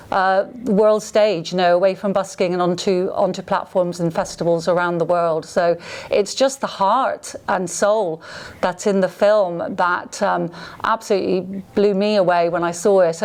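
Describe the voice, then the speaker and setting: A woman representing a film festival, speaking in a casual radio studio interview with halting enthusiasm as she searches for words. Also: on the low side, fairly even intonation, a little mellow.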